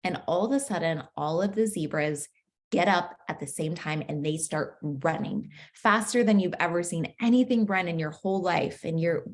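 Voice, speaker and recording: A woman's voice: lowish voice, normal speed. A young adult woman coaching a masterclass in a chatty, playful way, laughing often and saying "like" a lot. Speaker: manifestation coach. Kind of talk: casual masterclass teaching.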